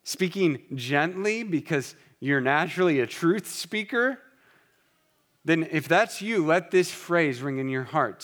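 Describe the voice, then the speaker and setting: A married man preaching a sermon, speaking earnestly and directly with quick repeated restarts. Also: fairly high pitch, expressive, a bit bright. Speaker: pastor.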